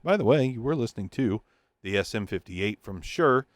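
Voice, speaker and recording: A man's voice: fairly low pitch, expressive, brisk, no echo. A man giving a casual, joking microphone review from his home studio, thinking aloud as he tests the gear. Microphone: testing a handheld wireless mic.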